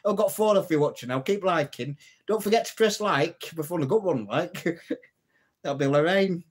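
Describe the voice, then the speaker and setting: A man's voice: a little high, moderate pace, husky. A man hosting a live stream, telling jokes, laughing at his own puns and chatting to viewers. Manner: greets and answers viewers' comments.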